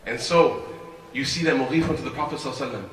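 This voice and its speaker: Fast-talking imam in echoey hall. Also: male voice, mid-range voice, far from the mic, a little hiss or hum. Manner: animated storyteller, rhetorical questions. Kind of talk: sermon.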